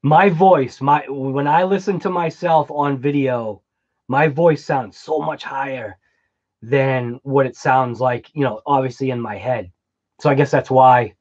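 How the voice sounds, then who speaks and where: A man with a US East Coast accent hosts a casual remote-control hobby livestream, chatting and reacting to viewer comments. His voice is medium-pitched and darkish in tone, measured in pace, and the sound is lo-fi.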